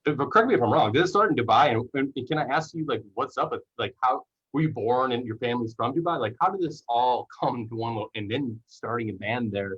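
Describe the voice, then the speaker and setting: A man hosts a casual podcast and speaks earnestly, often restarting his sentences. His voice is husky and mid-pitched. The audio is dull and lo-fi. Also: fast talker, fairly bright tone. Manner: earnest, rambling, many restarts. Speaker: podcast host.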